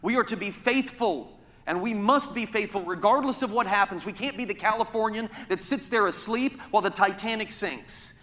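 A pastor gives a sermon at a moderate pace, his high, bright voice ringing out in a large hall with a long reverb. He pushes his message forward with pointed rhetorical questions.

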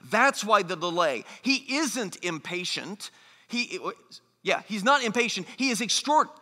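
A man preaching with a high, bright, ringing voice. He presses each point earnestly and mimics skeptics in mocking tones. The sound carries a long reverb like a large hall. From United States. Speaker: pastor. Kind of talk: sermon.

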